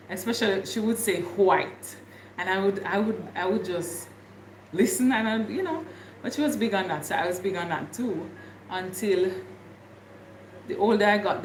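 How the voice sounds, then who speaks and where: A woman's voice: fairly low pitch, roomy sound, a little hiss or hum. A woman from Jamaica with a Jamaican accent, chatting casually with viewers on her livestream and laughing often. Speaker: livestream host.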